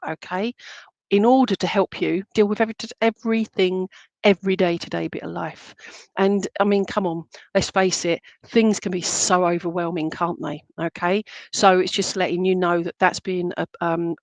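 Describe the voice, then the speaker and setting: A woman's voice: on the low side, dry recording. A woman giving psychic readings on a live stream, chatty and reassuring, full of fillers and pet names like "my lovely". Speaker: psychic medium. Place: room with a table of crystal animals.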